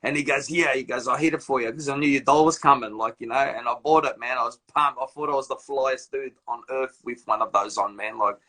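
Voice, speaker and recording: This live-stream host chats casually through a phone or laptop video call, spinning loose, slangy stories with animation. His mid-range voice runs a little fast, with hardly any pauses.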